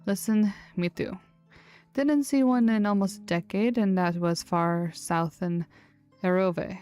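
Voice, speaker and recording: Woman doing a gruff innkeeper lady, brawny and blunt, put-on accent, dry curt replies, faint music behind. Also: mid-range voice, fairly even intonation, measured pace, darkish tone, natural voice.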